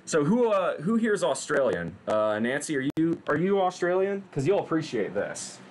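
A man's voice: fairly high pitch, very animated, moderate pace, slight background noise. A man, chatting casually and joking with viewers on a livestream. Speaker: livestream fitness host.

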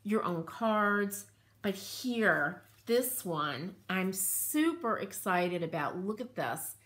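Very animated yet slow-paced, a woman with a mid-range, slightly bright voice hosts a craft channel. Her casual show-and-tell chat overflows with enthusiasm and rambling asides.

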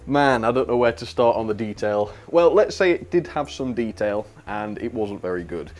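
A man's voice: mid-range voice, animated, moderate pace, soft background music. Chatty British man reviewing model trains. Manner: chatty, laughs often, blunt opinions. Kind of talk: casual video review.

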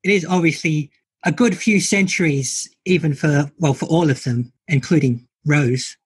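A woman's voice: low-pitched, moderate pace, slightly rough, dry recording. A woman co-hosting a podcast, talking things through in a thoughtful, analytical way. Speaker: podcast co-host. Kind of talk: casual chat.

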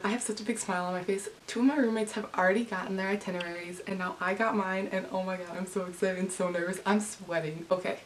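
A woman's voice: mid-range voice, darkish tone. A young woman vlogging casually, gushing and breathless, exclaiming again and again. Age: young adult. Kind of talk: casual vlog. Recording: slightly distant, faint hiss.

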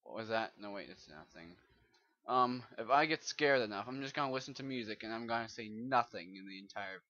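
A man's voice: on the low side, animated, brisk, pushed and bright. A man rambling and swearing through casual commentary while he plays a video game, muttering to himself, over a dull lo-fi mic. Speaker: gamer doing a let's play.

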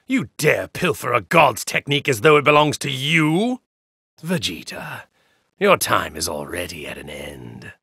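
An actor playing a haughty, contemptuous evil god in a hero's body, delivering slow, grandiose game voice lines. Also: male voice, medium pitch, sing-song, vocal fry, pushed and bright, husky, no echo, studio quality, exaggerated voice. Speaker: video game character.

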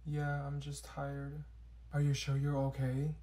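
A man voicing a dramatic teenage schoolgirl in a comedy skit, talking in a mopey, quiet way. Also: medium pitch, monotone, moderate pace, lightly acted.

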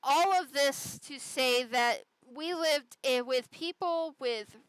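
High-voiced woman reading a story slowly. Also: a bit bright, no room sound, poor audio. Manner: conversational storytelling with side comments. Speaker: podcast host. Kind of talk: reading a Reddit story aloud.

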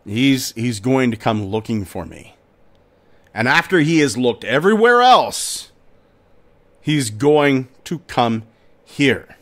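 A man voicing a worried female stone giant who has run away from her husband, speaking in an anxious, hushed way. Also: medium pitch, very animated, takes it slowly, pauses often, exaggerated voice.

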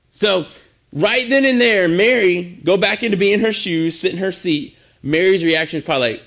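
Guy youth pastor preaching casual, lots of restarts, voice on the higher side. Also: expressive, normal speed, fairly bright tone. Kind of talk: sermon.

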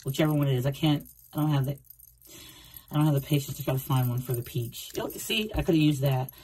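A woman's voice: extremely low pitch, level tone, quick pace, warm tone, a little hiss or hum. A woman doing a casual tarot reading, rambling and repeating herself as she talks through the cards. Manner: chatty, rambling, repeats phrases, acts out quoted thoughts. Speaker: tarot reader.

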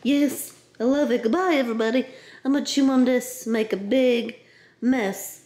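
A woman voicing a boastful young female dog who chatters playfully and gets easily excited. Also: on the high side, moderate pace, close to an everyday voice.

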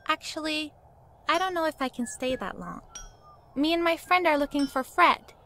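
A bright, high-voiced young village girl for a game, earnest, light hiss. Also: moderate pace. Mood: friendly.

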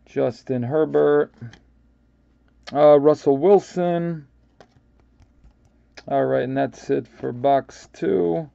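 A man's voice: a little high, extremely slow, gravelly, long pauses, warm tone, clean tone, no echo, muffled recording. A man with a New York accent hosting a live card break, casually calling out player names and stumbling over some of them.

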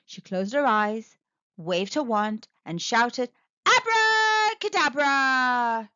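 Lady reading a kids storybook, super lively sing-song voice, bright, bit muffled audio. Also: mid-range voice, takes it slowly, no echo. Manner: animated, expressive, sing-song. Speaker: children's storyteller. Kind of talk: children's read-aloud narration. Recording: slightly muffled dry recording.

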